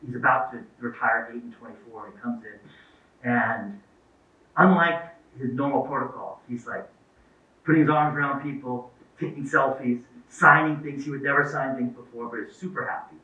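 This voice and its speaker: A middle-aged man, a guest speaker in an event hall, talks to parents, telling anecdotes and acting out their dialogue. His medium-pitched voice is pushed and bright at normal speed. The recording is echoey, distant, and lo-fi like a phone.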